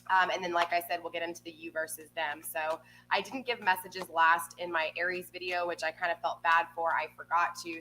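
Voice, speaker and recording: A woman's voice: sits low, pushed and bright, a little hiss or hum, rough recording. A woman giving a live tarot reading in a chatty manner, often checking in with her viewers with "okay?". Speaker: tarot reader.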